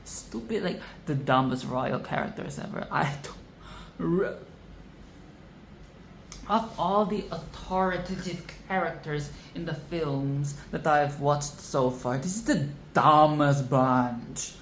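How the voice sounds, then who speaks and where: A film vlogger in an exasperated, swear-filled rant who keeps repeating lines for emphasis. The talk drags slowly, and the voice rings in an echoey room over a faint hiss of background noise. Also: mid-range voice. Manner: profane, exasperated ranting. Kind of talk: casual film commentary rant.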